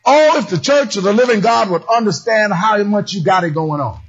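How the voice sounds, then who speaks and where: A man preaching a sermon with a husky, rasping voice that sits high and leaps around in pitch. He often breaks into shouts and a singsong lilt. The recording sounds dull and muffled. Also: brisk. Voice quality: raspy. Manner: animated, shouting, singsong emphasis.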